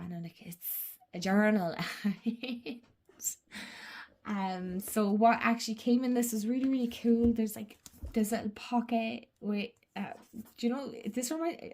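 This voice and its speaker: A woman's voice: mid-range voice, a little mellow, slight background noise. A woman chatting casually to camera, rambling and giggling, slipping into whispers. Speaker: journaling channel host.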